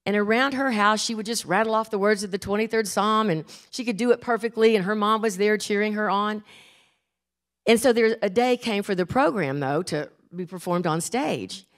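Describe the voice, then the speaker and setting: An older woman preaching a sermon in church, earnest and emphatic, slowing down and repeating key phrases. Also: mid-range voice.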